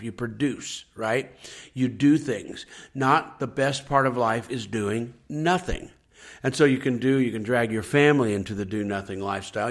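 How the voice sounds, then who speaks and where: Man, pastor, faith podcast talk, earnest, repetitive, acts out complaints. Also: mid-range voice. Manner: earnest, repetitive preaching with acted-out complaining quotes.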